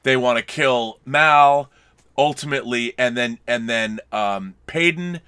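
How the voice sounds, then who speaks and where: A man's voice: mid-range voice, measured pace, pushed and bright, smooth, no room sound. A man co-hosting a movie review show, chatting casually and rambling with many restarts and fillers. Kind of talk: casual film review chat.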